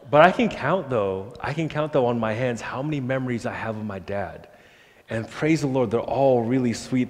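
A young man, a pastor, giving an animated sermon in a church and acting out the voices he quotes. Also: mid-range voice. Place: church sanctuary. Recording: long church hall reverb.

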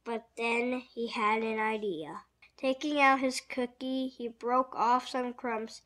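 In a slightly high voice, a woman reads a children's picture book aloud slowly and expressively, giving the characters their own little voices.

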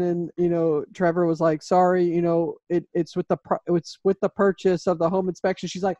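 High-voiced joking man, dry and dull. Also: little pitch movement, a little fast, mellow, no room sound. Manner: joking, laughs a lot. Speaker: podcast host and home inspection business owner. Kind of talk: casual podcast chat. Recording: dry, slightly dull sound.

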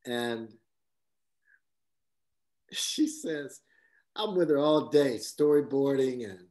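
A man speaking as a guest cinematographer, telling stories casually with a lively delivery, laughing often and acting out quotes. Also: medium pitch, slow pace. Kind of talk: casual anecdotal storytelling.

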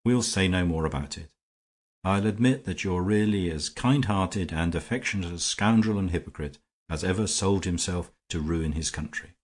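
A man voicing a clever, weary English gentleman with a dry, ironic manner, in an audiobook reading. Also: low-pitched, moderate pace.

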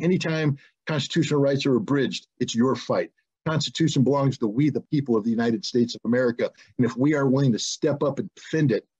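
Man, husky voice, dull lo-fi recording, indignant interview answers. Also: medium pitch, a little mellow. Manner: indignant, rising to emphatic questions. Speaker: interview guest. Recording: dull lo-fi audio.

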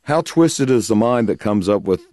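In an interview, a middle-aged man who plays blues guitar recounts a story with lively energy, laughing and imitating the voices of others. He speaks at a moderate pace in a lowish voice, with no room sound.

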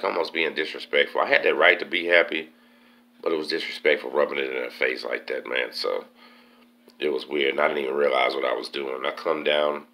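A man tells a jail story in a relaxed, slang-heavy way. His voice sits very low, with a bright, forceful edge. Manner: laid-back, slangy, keeps saying man. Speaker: host telling prison stories. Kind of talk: casual storytelling.

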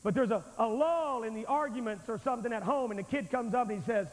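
A man preaches a fiery, emphatic revival sermon, pressing his listeners and calling each one friend. His voice runs very high for a man and rolls through a big church hall with a long echo. The sound carries the dull wear of an old tape. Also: quick pace. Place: large church sanctuary.

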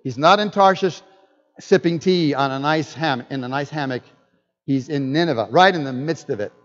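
A man's voice: on the high side, normal speed. A man preaching a sermon as a guest pastor. He jokes and puts questions to his listeners. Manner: animated, joking preacher who asks the audience questions. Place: church hall. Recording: dull lo-fi with long hall reverb.

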